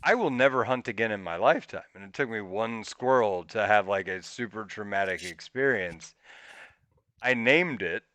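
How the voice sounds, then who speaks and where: Animated man telling a story, bright voice. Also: moderate pace, dry recording. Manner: animated, swearing, jumps into squeaky high pitch when quoting himself. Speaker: podcast co-host. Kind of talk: casual storytelling.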